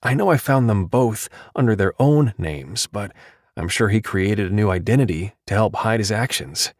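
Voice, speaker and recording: A man's voice: lowish voice, animated, normal speed, no echo, studio quality, lightly acted. A male narrator voicing an injured adult man who speaks in a wry, weary way. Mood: earnest.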